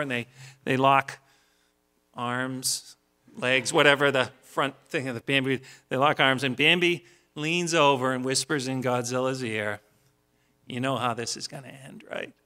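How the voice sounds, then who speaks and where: Guy pastor preaching, bright voice, folksy storyteller, restarts words a lot. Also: mid-range voice, steady tone, moderate pace. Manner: homely, storytelling, repeats words when starting a phrase. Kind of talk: sermon.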